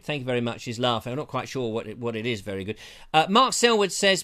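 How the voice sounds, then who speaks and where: A man's voice: mid-range voice, very animated, fast, pushed and bright. A man hosting a live show, chatting casually in a rambling, jokey way and often interrupting himself, on a lavalier mic. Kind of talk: casual live-stream chat.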